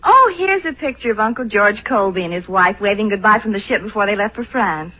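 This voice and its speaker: A woman's voice: mid-range voice, animated, a little fast, pushed and bright, highs cut off. An actress in a 1940s radio comedy playing a practical young sweetheart who scolds her boyfriend with growing impatience. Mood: impatient.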